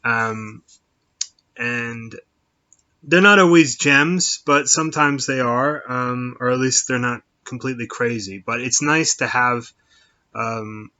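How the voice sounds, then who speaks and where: A man's voice: mid-range voice, slow, pushed and bright. A middle-aged man chatting casually on his own show, rambling with many fillers and restarts. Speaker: podcast host. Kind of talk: casual solo chat. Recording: dull lo-fi sound.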